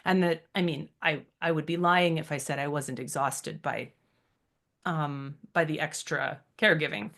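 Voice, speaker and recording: Woman, 30s, low-pitched, reflective, heartfelt podcast chat. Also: moderate pace, creaky, a bit bright. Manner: reflective, heartfelt, many fillers. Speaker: podcast co-host.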